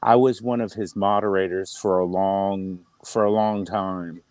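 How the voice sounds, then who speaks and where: Low-voiced man speaking haltingly. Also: steady tone, darkish tone, no room sound, low-quality recording. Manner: halting, emotional, with many restarts. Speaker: panelist. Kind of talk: heartfelt tribute in a casual online panel chat.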